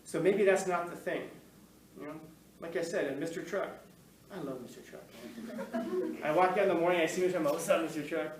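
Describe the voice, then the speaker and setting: A man's voice: a little high, brisk, long pauses, far from the mic. A man giving a casual talk to an audience, telling stories in a rambling, conversational way with frequent laughs and restarts. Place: room with an audience, recorded on camera. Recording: echoey room, voice from off-mic, faint ambience.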